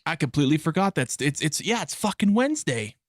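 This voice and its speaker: A man's voice: a little high, sing-song, fast talker, no room sound, studio quality. A young adult man chatting casually on a live stream, rambling and swearing, often breaking into laughter. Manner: rambling, profane, laughs a lot.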